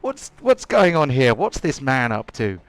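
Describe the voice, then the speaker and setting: A man's voice: mid-range voice, sing-song, a little slow, smooth, no echo. A man playing an indignant father in a tabletop game, raising his voice in outrage. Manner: outraged, shouting for guards. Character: indignant father of a little girl.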